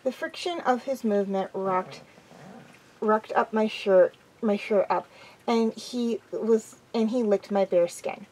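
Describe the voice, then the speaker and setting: A woman reading a first-person amateur audiobook in a quiet, even way. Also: mid-range voice, takes it slowly, low-quality recording. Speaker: audiobook reader.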